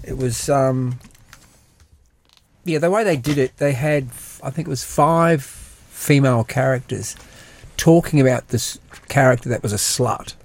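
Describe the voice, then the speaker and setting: A man's voice: medium pitch, a little slow. Rambling man, casual chat. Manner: chatty, rambling, with restarts. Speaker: regular on a live talk stream.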